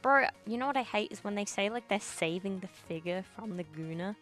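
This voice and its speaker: A woman's voice: mid-range voice, animated, fairly quick, a bit bright, soft background music. A young woman streamer in a casual chat, ranting bluntly with lots of swearing and slang while reacting to chat.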